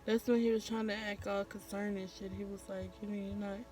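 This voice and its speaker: A woman's voice: mid-range voice, flat delivery, a little fast, a little mellow, soft background music. A woman vlogger, telling a candid, profane story in casual storytime style. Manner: candid, profane, acts out quotes.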